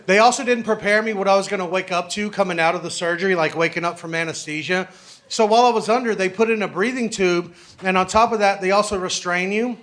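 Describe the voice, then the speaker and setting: A man's voice: high-pitched, fast talker, a bit bright. A man doing a stand-up set in a comedy club, telling a story loosely and building to exasperated punchlines.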